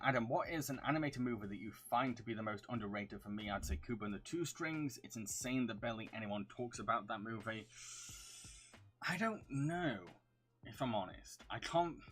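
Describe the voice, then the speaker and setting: A man's voice: fairly low pitch, fairly bright tone. A young man from the north of England, a video reviewer chatting casually through viewer questions on a livestream, rambling and humming filler syllables between them.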